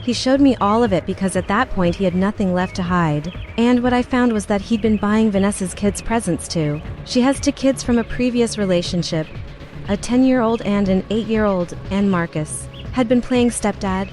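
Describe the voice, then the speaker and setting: A woman with a voice of ordinary, middle pitch recounts a painful personal story. She tells it in an emotional, confessional way and acts out the dialogue as she goes. Soft music plays quietly beneath her voice. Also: normal speed. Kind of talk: first-person dramatic story narration.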